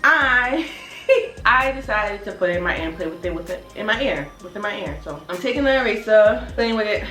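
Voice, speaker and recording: A woman's voice: mid-range voice, expressive, fairly quick, bright, forceful tone. A young woman from Brooklyn tells a casual storytime, blunt and swearing freely. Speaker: vlogger. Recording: roomy sound with faint music.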